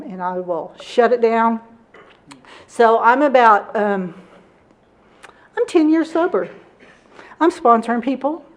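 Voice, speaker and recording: A woman in her thirties giving a candid personal testimony at a recovery meeting, self-deprecating and quick to laugh. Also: mid-range voice.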